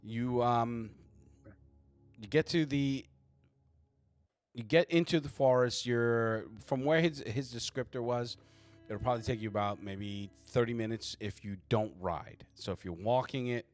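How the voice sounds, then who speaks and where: A man running a tabletop game as game master, narrating in a rambling, halting way with many fillers. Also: mid-range voice, soft background music.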